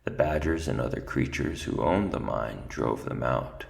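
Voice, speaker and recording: A man's voice: very deep voice, animated, moderate pace, creaky, voice pushed down, heavily acted. Man voicing Methuselah, doddering ancient mouse. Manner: doddering, mumbling asides, then grave recital. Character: ancient absent-minded male mouse archivist.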